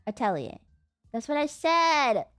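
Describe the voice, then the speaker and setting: A woman streamer in casual live-stream chat, excitable and chatty, sometimes swearing at her chat over a desk mic. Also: sits high, a little slow, no echo, faint music behind.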